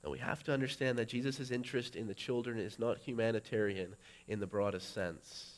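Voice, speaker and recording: A middle-aged male pastor preaching a sermon, building to loud, emphatic peaks. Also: medium pitch, moderate pace, few pauses.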